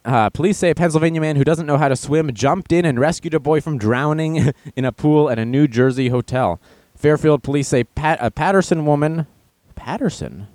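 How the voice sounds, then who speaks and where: A man's slightly mellow, higher-pitched voice, recorded without room sound, belongs to the host of a casual news show. Reading each headline, he follows up with sarcastic, mocking riffs delivered in put-on voices.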